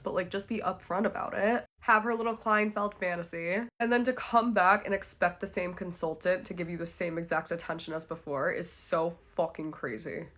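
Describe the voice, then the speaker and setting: A woman's voice: fairly low pitch, fairly bright tone. A woman giving a sarcastic, swearing recap of a reality TV episode in casual chat. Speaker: commentary creator. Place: green screen video setup. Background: faint guitar music.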